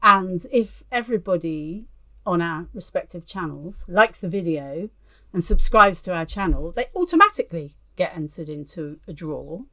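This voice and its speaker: A woman's voice: fairly low pitch, animated, moderate pace, bright, forceful tone. A woman from London co-hosting a casual crafting chat over a video call, chatty and self-deprecating, laughing often. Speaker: co-host, fibre artist.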